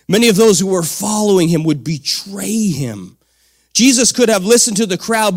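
A man preaching a sermon to men in a conversational way, swinging from quiet reflection to loud, energetic shouts. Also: high voice. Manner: dynamic, swings from soft to shouting; conversational, with fillers and "come on".

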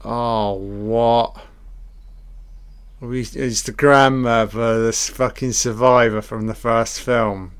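A man muttering his way through a film in casual watch-along commentary, taking his time between remarks. His tone is blunt and sarcastic, with heavy swearing and dry jabs at the pacing and set design. His pitch sits in an ordinary middle range. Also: steady tone, slow pace, clean tone. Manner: dry running critique.

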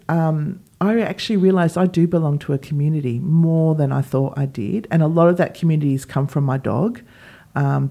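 A woman, a podcast co-host telling a personal story in casual chat and acting out what others said. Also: low voice. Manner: animated, acts out quoted dialogue.

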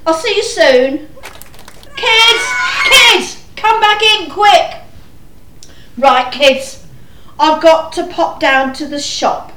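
A woman playing a frazzled, exasperated mother of many children in a panto, chatty and slow. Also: high voice, a little hiss or hum. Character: frazzled harried mother in a shoe house. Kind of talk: amateur panto acting. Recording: echoey room.

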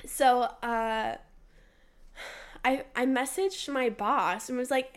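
A woman's voice: sits high, slow, long pauses. A young woman co-hosting a casual podcast, telling stories animatedly, acting out quotes, with many "like" fillers. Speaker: podcast co-host. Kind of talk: casual storytelling chat.

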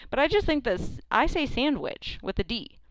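A woman's voice: high voice, sing-song, quick pace, slight background noise. A woman co-hosting a podcast, chatting casually and teasing her co-host, with sudden exclamations of disbelief. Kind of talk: casual chat.

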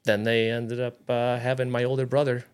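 A man's voice: medium pitch, little pitch movement, fairly quick, clean tone. A man around forty in casual podcast chat, telling a story animatedly and acting out what others said.

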